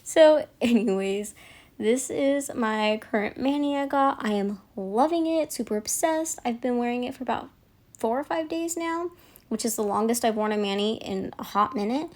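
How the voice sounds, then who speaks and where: A woman's voice: on the high side, lively intonation, normal speed, darkish tone. A young woman chatting in a casual voiceover, rambling and chatty, apologizing for how much she talks. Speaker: nail vlogger.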